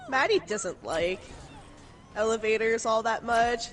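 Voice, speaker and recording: Slow-talking Canadian woman telling stories. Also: fairly high pitch, a bit bright, soft background music. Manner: laughs often, swears freely. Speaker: streamer. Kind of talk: casual storytelling chat.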